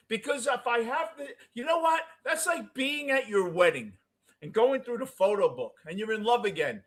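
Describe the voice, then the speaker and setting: A middle-aged man with a New York accent ranting as a postgame show host, cursing and swinging between yelling and muttering. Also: very high-pitched, lively intonation, moderate pace. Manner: profane, swings from shouting to muttering. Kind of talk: ranting fan commentary.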